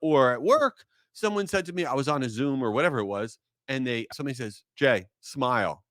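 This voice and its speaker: Male solo podcaster, big swings in pitch, worked-up rants, close dry mic. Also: fast, dry recording. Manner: animated, exasperated storytelling. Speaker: podcast host.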